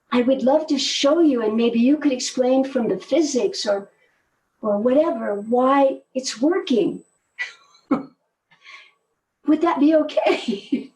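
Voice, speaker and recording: An older woman telling stories in a relaxed conversation, animated and laughing often, often trailing off mid-sentence. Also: on the high side, far from the mic, low-quality recording. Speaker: guest, movement teacher. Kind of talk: conversational storytelling.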